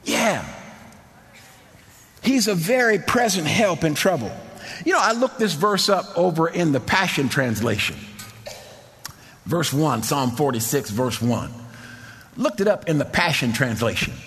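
A middle-aged man preaching a sermon in a church, impassioned, repeating phrases and shouting at the peaks. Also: on the high side, very animated, measured pace, pauses often, faint music behind. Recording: long hall reverb.

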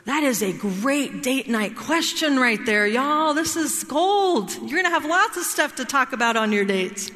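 A woman leads a marriage class in a relaxed, talky way, checking in with her listeners every few sentences. Her voice is bright and forceful. The sound rings with the long reverb of a large hall. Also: sits high, measured pace, hardly any pauses. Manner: checks in often with "right?" and "all right?". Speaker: marriage workshop teacher. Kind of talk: conversational teaching talk.

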